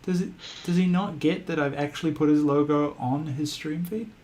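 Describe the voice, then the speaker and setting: A man's voice: a little high, fairly even intonation, moderate pace, darkish tone. A man with a New Zealand accent hosting a livestream, chatting casually and joking at his own expense while he works on a model kit. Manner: joking, self-mocking. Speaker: livestream host. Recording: clear background noise.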